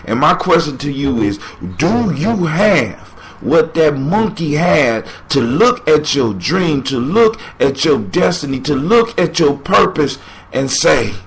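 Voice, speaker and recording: A man's voice: on the high side, big pitch swings, slow. A man hosting a podcast, giving motivational commentary on a folk tale with preachy, emphatic repetition. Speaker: podcast host.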